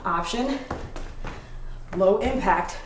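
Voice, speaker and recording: A female fitness instructor with a mid-range voice calls out exercise cues extremely slowly while working out herself, breathing hard as she moves. She's in a home workout space, captured by a distant mic in a roomy, noisy recording.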